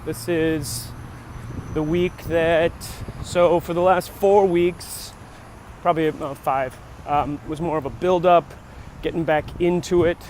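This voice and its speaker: A man's voice: on the high side, steady tone, slow pace, a little mellow, a little hiss or hum. A man talking casually while out on a morning walk, rambling and musing with lots of restarts. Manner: rambling, musing, self-interrupting. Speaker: vlogger. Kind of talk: casual walk-and-talk vlog. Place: outdoors on a walk near traffic.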